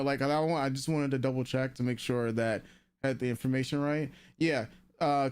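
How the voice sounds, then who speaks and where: Rambly man with a smooth voice. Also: medium pitch, darkish tone. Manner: rambling with many fillers and restarts. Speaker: co-host of anime commentary stream. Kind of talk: casual live commentary.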